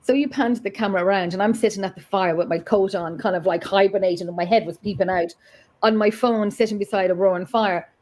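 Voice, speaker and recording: A woman in the middle of her pitch range, recounting a ghost-hunting night as a podcast guest. Her telling is lively, and her voice climbs when she gets worked up. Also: fast. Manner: animated, rises in pitch when upset. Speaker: paranormal investigator guest. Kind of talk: storytelling in conversation.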